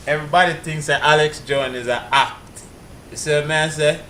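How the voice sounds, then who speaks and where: A man's voice: on the high side, fairly even intonation, moderate pace, bright, forceful tone, a little hiss or hum, rough recording. A man, chatting casually as a vlog host reacting to a clip, laid-back and amused.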